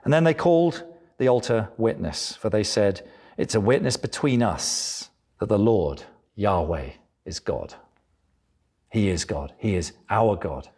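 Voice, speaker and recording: A middle-aged man preaching a sermon, animated and acting out voices of the people in his story. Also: lowish voice, a little slow, slightly rough. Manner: animated preaching, acts out voices of biblical figures.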